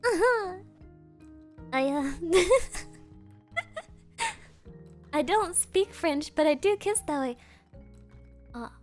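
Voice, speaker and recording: Very high-voiced giggly woman streamer. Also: expressive, extremely slow, pauses often, faint music behind. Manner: giggly, playful, keeps bursting into laughter. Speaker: virtual streamer. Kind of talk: casual live-stream chat.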